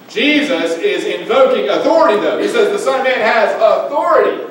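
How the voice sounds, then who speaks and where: A high-voiced male pastor preaches in a church sanctuary, pressing his point with questions to his listeners. His voice booms back from a very echoey hall, picked up from some distance by a room mic, with faint noise underneath. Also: animated, moderate pace. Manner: preaching with rising emphasis and direct questions to listeners. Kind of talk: sermon.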